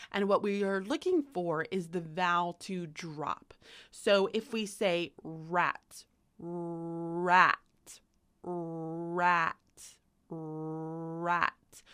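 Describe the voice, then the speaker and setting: A young adult woman teaching phonics to camera, speaking carefully and sounding out letters as she demonstrates. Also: lowish voice. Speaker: literacy teacher.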